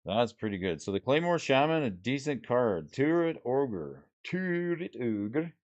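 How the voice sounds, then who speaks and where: A man's voice: mid-range voice, very animated, moderate pace, a little mellow, muffled recording. A man streaming casually, reading card names and rules aloud and chatting with his viewers. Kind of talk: casual livestream chat while sorting cards.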